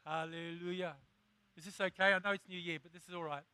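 A man preaching a sermon as pastor, impassioned, drawing out words slowly for emphasis and rising to shouts. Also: high voice, steady tone, clean tone, no room sound.

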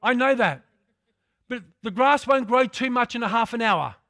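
A man's voice: extremely high pitch, lively intonation, moderate pace, bright, forceful tone, no room sound, clean studio sound. A man preaching a sermon, repeating phrases for emphasis and calling out to his congregation.

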